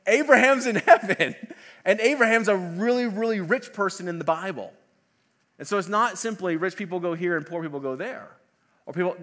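Animated preacher man with a bright voice. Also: sits high. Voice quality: animated, acts out quoted voices. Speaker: pastor. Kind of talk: sermon.

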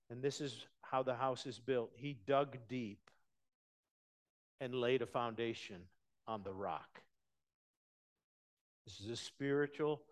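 Male pastor, mid-pitched voice, conversational sermon delivery with hushed and emphatic swings.

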